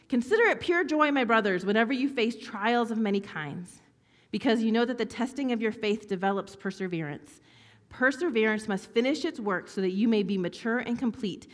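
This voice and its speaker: A woman preaching a sermon in a conversational, animated way, often calling out to the congregation for a response. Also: mid-range voice. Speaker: pastor. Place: church hall with audience. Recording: long reverb of a large hall.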